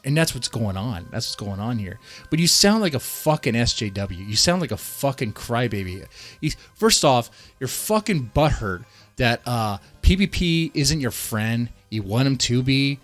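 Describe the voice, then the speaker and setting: A male streamer ranting to his chat with heated, profane outbursts, repeating lines and tripping over restarts. His pitch sits in an ordinary middle range. Soft music plays underneath. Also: very animated, normal speed. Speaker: streamer reacting to a video. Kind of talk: casual live-stream rant.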